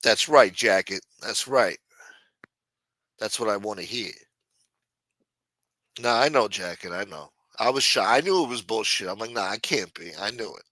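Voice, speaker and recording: A man's voice: fairly low pitch, normal speed, long pauses, no room sound. Profane, chatty male livestream host. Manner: profane, chatty, animated retelling with voiced quotes. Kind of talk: casual livestream chat reading the chat.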